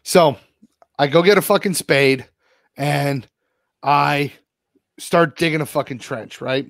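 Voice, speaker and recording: A man's voice: a little high, slow, gravelly, dry recording. Guy on a podcast ranting a story, cusses nonstop, dry close sound. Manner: swears constantly, animated retelling. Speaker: podcast co-host. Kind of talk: casual profane storytelling.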